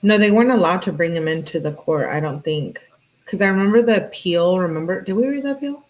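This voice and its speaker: A woman's voice: lowish voice, expressive, fast. A woman hosting a true crime channel, chatting casually and thinking aloud as she reads through text messages.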